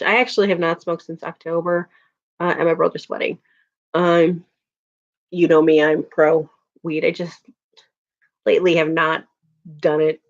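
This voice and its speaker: A woman in her thirties chatting casually on a livestream, laughing often and answering viewers' comments. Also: lowish voice. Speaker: livestream host. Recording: dull lo-fi audio.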